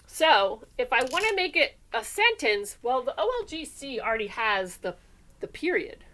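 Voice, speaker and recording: Woman teacher, bright voice, animated sing-song delivery, recorded class lesson, classroom. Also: on the high side, moderate pace. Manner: animated, sing-song, calls on students by name. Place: classroom with whiteboard.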